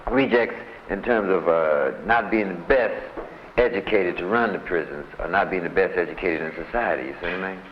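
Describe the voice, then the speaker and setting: Low-voiced man telling a prison story. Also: fairly quick, crowd noise. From United States. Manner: loose and rambling, full of "man" and "you know". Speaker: interviewee recounting time in solitary. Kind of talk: casual storytelling in street slang. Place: prison visiting room. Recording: muffled lo-fi archival tape.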